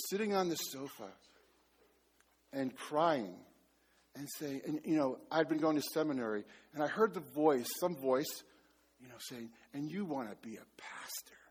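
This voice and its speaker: A man preaching a sermon as pastor to a live congregation, telling stories in an animated, self-mocking way and joking with the audience. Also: fairly high pitch, normal speed, slightly rough. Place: church before a live audience.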